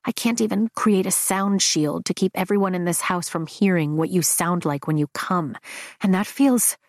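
A woman voicing a brooding young man, speaking low and slow in hushed tones in an audiobook. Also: no echo, clean studio sound, close to an everyday voice. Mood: teasing. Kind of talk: audiobook dialogue.

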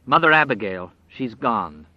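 A man's voice: medium pitch, animated, no room sound, close to an everyday voice. A man doing a breathless, worried young man. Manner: hurried, worried. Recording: dry, slightly dull recording.

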